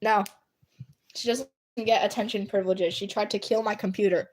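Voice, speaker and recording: A woman's voice: medium pitch, normal speed. A woman streaming from home at her computer, chatting casually with her viewers and often laughing. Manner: giggly and animated, often bursting into laughter. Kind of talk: casual live chat with viewers.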